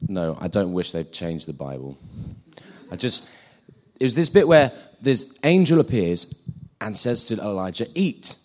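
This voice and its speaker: A man's voice: on the low side, very animated, normal speed, darkish tone. A man giving an informal sermon, chatty and self-deprecating, acting out the scenes he retells.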